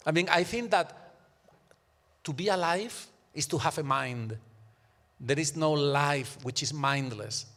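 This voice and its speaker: A fairly high-voiced man argues his point emphatically on a live symposium panel. He often stops to ask "right?" of the people around him. The sound rings with the long reverb of an auditorium. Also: measured pace, long pauses, fairly bright tone. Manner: emphatic, keeps checking in with "right?". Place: university auditorium.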